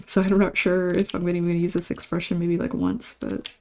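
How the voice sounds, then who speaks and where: A woman livestreaming while drawing, with a sore throat, chatting casually, giggling often, greeting and thanking viewers, sometimes dropping into soft whispers. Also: lowish voice, little pitch movement, a little fast. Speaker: livestreaming artist. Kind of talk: casual stream chat.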